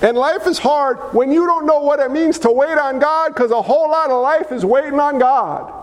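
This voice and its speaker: A man preaching a sermon as pastor, emphatic and folksy, with sudden swings in pitch. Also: normal speed. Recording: long hall reverb.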